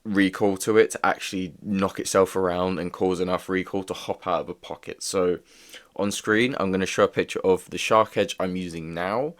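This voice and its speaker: A young man talks through a casual video review. His voice sits very low, and he rambles loosely, leaning on filler words as he goes. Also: fairly even intonation, moderate pace. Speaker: toy reviewer.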